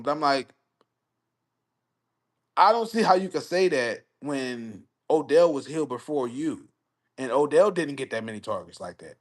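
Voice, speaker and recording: A young man hosts a live stream of casual sports talk. His voice sits at an average pitch, and his delivery is animated and profane. He rambles, repeats himself and answers his chat as he goes. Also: normal speed, pauses often.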